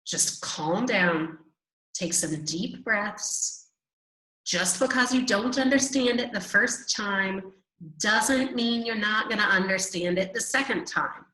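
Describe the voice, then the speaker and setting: A woman teaching a recorded math lesson, slow and reassuring, drawing out repetitions and walking students through the steps. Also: mid-range voice, pushed and bright, reverberant, poor audio.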